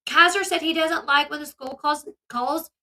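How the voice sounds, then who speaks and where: A woman hosts her own commentary channel, talking in a casual, chatty way. Her voice sits high and sounds bright and forward. She retells events with animation, slipping into the voices of the people she quotes. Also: normal speed.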